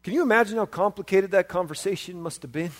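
A preacher from the United States delivering a sermon, animated, swinging from quiet asides to loud shouts. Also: male voice, sits high, fast talker.

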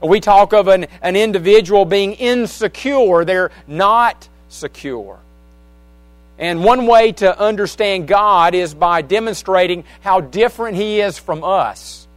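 A man's voice: high voice, no room sound. A man preaching a midweek church service, mixing folksy asides to the congregation with scripture reading. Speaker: pastor. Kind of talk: sermon. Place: church sanctuary. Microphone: wireless handheld microphone.

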